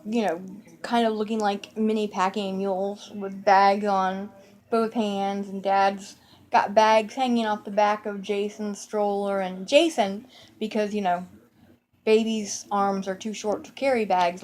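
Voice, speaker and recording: A woman's voice: mid-range voice, a little mellow. Chatty woman telling a family memory. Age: middle-aged. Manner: meandering, conversational, with fillers and asides. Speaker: storyteller. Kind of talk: personal storytelling.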